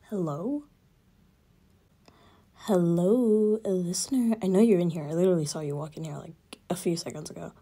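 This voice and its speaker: A woman playing a slow, teasing pursuer. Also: medium pitch, warm tone, husky. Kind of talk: audio role-play.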